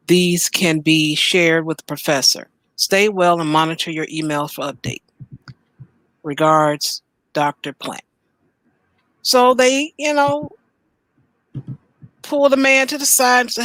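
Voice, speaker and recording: A woman hosts a casual reaction show, reading articles aloud and then riffing on them in an animated, joking way. The sound is dry and close, with no room echo. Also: deep voice. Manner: animated, playful, reads headlines aloud then riffs. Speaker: host.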